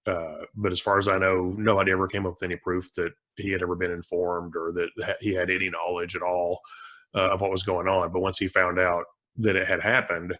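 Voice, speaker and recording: A man being interviewed as a forensic accountant, answering casually with frequent pauses and restarts. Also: sits low, little pitch movement, pushed and bright. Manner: hesitant, many restarts and "uh"s.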